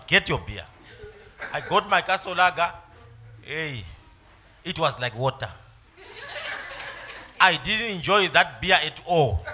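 Man, church testimony, bright lively storyteller. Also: a little high. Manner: storytelling, emotional, laughing at times. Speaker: church member giving testimony.

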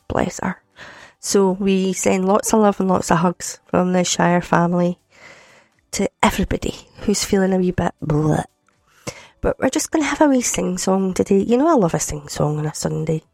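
A Scottish woman hosts a Sunday radio show, her mid-range voice gravelly and a little groggy. She keeps it chatty and jokey with warm, teasing asides in casual radio chat. The studio mic gives a dry sound with no room tone, just faint music underneath.

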